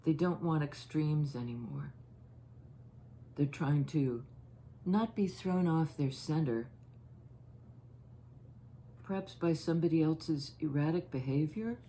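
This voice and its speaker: A woman giving a casual tarot reading, musing and halting as she thinks aloud over each card. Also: deep voice, mellow, a little hiss or hum. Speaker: tarot reader.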